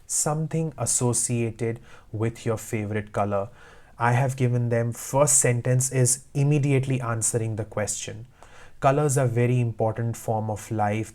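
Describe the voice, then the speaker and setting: A man's voice: mid-range voice, a little mellow. A man teaching IELTS speaking tips, giving direct, emphatic advice in short repeated commands. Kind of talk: instructional talk to camera.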